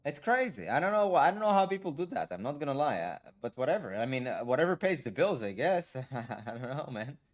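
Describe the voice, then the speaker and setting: A man's voice: mid-range voice, sing-song, a little fast, hardly any pauses. A man streaming a game, talking in a blunt, profane casual rant full of fillers. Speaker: gaming streamer. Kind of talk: casual ranting stream talk.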